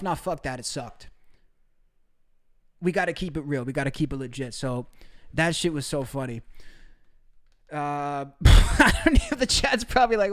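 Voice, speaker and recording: A man's voice: sits high, normal speed. A young man casually talking to his live-stream chat, laughing often, cursing and calling viewers bro. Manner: crude, laughing, brotherly slang.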